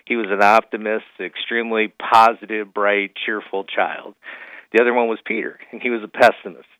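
A man's voice: fairly low pitch, level tone, moderate pace, pushed and bright, clear, resonant tone, dry recording. A man speaking as a financial advisor on a radio call-in, folksy and full of fillers as he tells a story. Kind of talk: phone-in radio guest, storytelling. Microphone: phone. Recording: tinny phone line.

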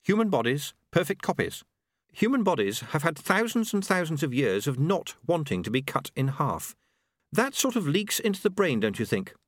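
A man's voice: on the high side, big pitch swings, moderate pace, dry recording, studio quality, pitched above the performer's own voice. A man voicing a fierce, snappish young woman. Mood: curt, commanding. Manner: curt, commanding, snappish. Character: fierce, sharp-tongued young woman, quick to anger.

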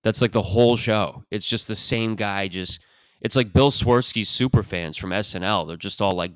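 A man from Canada riffs through a rambling, profane comic monologue, leaning on loose fillers as he goes. His voice is low and smooth. It is recorded dry and close. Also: lively intonation, normal speed, a bit bright, no room sound. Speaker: podcast host. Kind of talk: comedic monologue.

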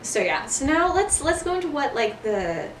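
A woman's voice: high voice, big pitch swings, normal speed, far from the mic, slight background noise. A young woman hosting a casual podcast, animatedly retelling a story and acting out the characters' lines, laughing often. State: has the hiccups. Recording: echoey room, voice a bit off-mic.

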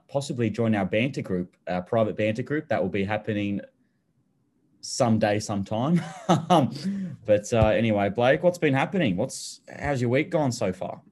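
A young Australian man with a mid-range, darkish voice co-hosts a betting podcast in casual chat. He's laid-back and loose, laughing often, swearing casually and repeating words.

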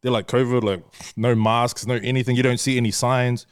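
A man's voice: medium pitch, little pitch movement, a little fast, clean tone, no room sound, clean studio sound. A young man with a New Zealand accent, a podcast guest who talks candidly, swears freely and laughs often in casual chat. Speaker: guest, social media influencer.

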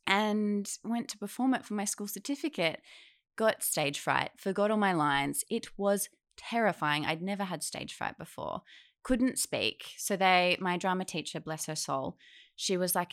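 A young woman, a guest on a podcast, telling a lively anecdote in casual conversation and acting out the voices of the people in it. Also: on the low side, unhurried. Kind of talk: casual storytelling interview.

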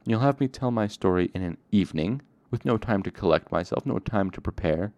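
A man's voice: sits low, a little fast, gravelly, darkish tone, no echo. A man voicing a brooding male innkeeper in an audiobook reading, curt and sarcastic. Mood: bitter.

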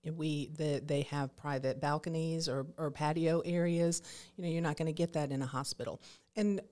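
A woman guest in an interview, an educational coordinator explaining care programs in a clear, informative way. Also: low voice, steady tone, moderate pace, mellow.

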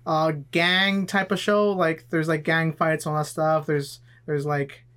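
A young man co-hosts a casual in-person podcast with his friends. His voice sits a little high for a man. He swears freely and rambles loosely when he explains things. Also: flat delivery, unhurried, fairly bright tone, clean tone. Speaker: podcast co-host. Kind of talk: casual chat. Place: in-person studio session with friends.

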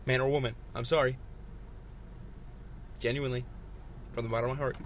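A man in his twenties talking a rambling solo podcast from his phone while driving, easygoing and chatty, then bursting into loud rants. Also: mid-range voice, level tone, brisk. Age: 20s. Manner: chatty, flips into loud ranting. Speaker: podcast host. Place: inside a moving car. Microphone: phone mounted in the car. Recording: car noise in the background. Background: road and engine noise.

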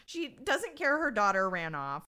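Animated young woman co-hosting a chatty podcast. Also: medium pitch, moderate pace, clear, resonant tone. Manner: giggly, acts out quotes, animated storytelling. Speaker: podcast co-host. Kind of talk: casual chat.

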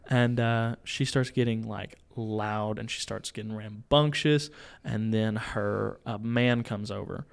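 Animated young man telling a story. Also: lowish voice, a little slow, vocal fry, hardly any pauses, clean tone. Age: young adult. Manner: animated storyteller, acts out voices, laughs. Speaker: podcast co-host. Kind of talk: casual storytelling. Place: small home studio.

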